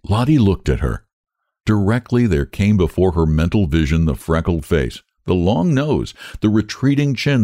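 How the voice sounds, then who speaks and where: Guy narrating an old story, lowish voice, swoops up and down a lot, dead dry sound. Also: dark tone, no room sound. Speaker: audiobook narrator.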